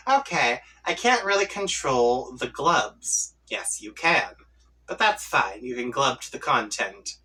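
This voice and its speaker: Man reading a comic aloud slow, bright-voiced and playful. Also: medium pitch, recorded from a distance, rough recording. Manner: playful, reads chat lines in voices and laughs along. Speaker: comic reading channel host. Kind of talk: reading a webcomic aloud with reactions.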